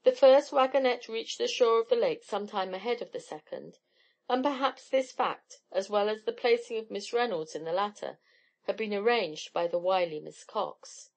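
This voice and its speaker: Woman, audiobook narrator, steady expressive reading, mid pitch. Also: normal speed. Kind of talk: scripted narration.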